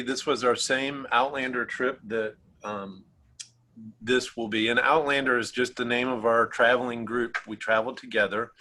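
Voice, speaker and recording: Over a video call, a man from a travel agency hosts a relaxed online travel presentation. His medium-pitched voice is bright and ringing, and he keeps it friendly and easygoing with little fillers and soft laughs. The recording quality is low.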